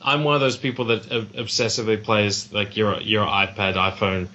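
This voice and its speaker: A man's voice: lowish voice, fairly even intonation, normal speed, sharp tone. An Australian man chatting as a podcast guest, rambling and self-deprecating, with many restarts. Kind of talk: casual podcast chat. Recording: dull lo-fi audio.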